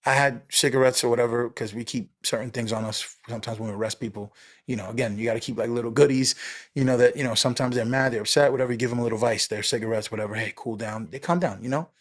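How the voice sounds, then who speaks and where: A man's voice: mid-range voice, steady tone, rapid-fire. A man with a New York accent, a police officer telling a story in a casual, streetwise way, acting out both sides of the conversation. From New York City.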